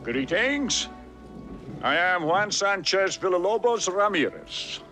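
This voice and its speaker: A man's voice: high voice, expressive, slow pace, bright, forceful tone, heavily acted. An actor playing a flamboyant older swordsman mentor, grand and commanding, in a film scene. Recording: film soundtrack with music behind.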